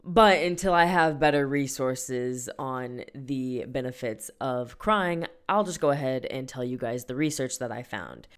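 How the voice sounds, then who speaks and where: Woman, young adult, very deep voice, casual solo podcast host, chatty and playful. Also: unhurried, few pauses, clean tone. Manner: chatty, playful, laughs often, drops slang.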